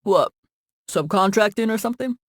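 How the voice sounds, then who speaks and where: A woman voices a laid-back, joking tech boss, pitching her natural-sounding voice above her usual range. She speaks at a medium pitch and ordinary pace, and the recording is dry and studio quality.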